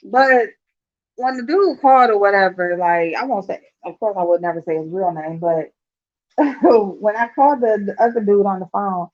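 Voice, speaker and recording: A woman's voice: mid-range voice, moderate pace. Chatty swearing woman, dull lo-fi sound. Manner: loud and expressive, laughs a lot, swears casually. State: yawning, tired. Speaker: vlogger. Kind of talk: casual chat to viewers.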